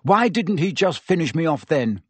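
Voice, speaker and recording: A man voicing a brave, defiant teenage boy who argues urgently and yells. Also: a little high, big pitch swings, moderate pace, husky, dry recording, pitched above the performer's own voice. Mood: urgent reasoning. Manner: urgent, yelling.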